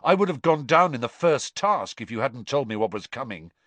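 A man reading aloud and voicing a noble older teenage boy who speaks low and quietly. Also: big pitch swings, a little fast, no room sound. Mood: earnest, quiet.

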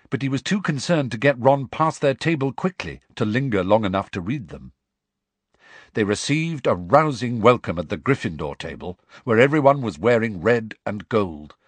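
Husky man reading a storybook. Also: fairly low pitch, dry recording. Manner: expressive storytelling. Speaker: narrator. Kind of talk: audiobook narration.

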